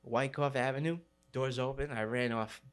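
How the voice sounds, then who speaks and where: A man's voice: mid-range voice, steady tone, moderate pace, clean tone. New man telling a street story. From New York City. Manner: street slang, many fillers. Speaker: graffiti writer. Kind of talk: storytelling interview.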